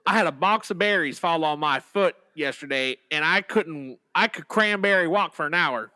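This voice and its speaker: A man's voice: a little high, moderate pace, bright, forceful tone. A man co-hosting a podcast, joking and teasing casually. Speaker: podcast co-host. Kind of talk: casual chat. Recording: long reverb.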